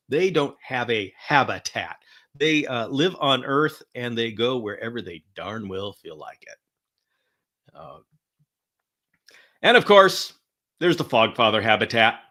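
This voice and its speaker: Chatty man with a bright voice. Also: medium pitch. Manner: chatty, upbeat, many fillers and restarts. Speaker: host. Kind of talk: live-streamed educational talk.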